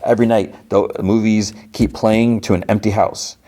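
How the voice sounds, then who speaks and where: A man's voice: lowish voice, flat delivery, moderate pace, warm tone, voice pushed up, lightly acted. A man voicing a folksy young diner counter worker who tells spooky gossip.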